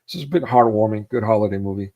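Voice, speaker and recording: On a muffled recording, a man talks rapid-fire in a lowish, slightly mellow voice about movies. He recalls his favorite scenes, acting out the lines loudly, laughing easily and using many fillers.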